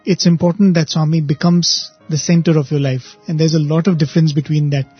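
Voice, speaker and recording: A man's voice: on the high side, little pitch movement, a little fast, breathy edge, lo-fi sound, soft background music. A man in a casual reflective chat, speaking thoughtfully and a little hesitantly.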